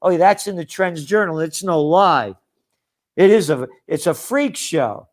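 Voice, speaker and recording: A man's voice: on the high side, lively intonation, measured pace. A man delivering a combative, sarcastic rant promoting his trends magazine, full of mocking asides. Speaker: trends forecaster and publisher. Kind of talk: ranting promo monologue.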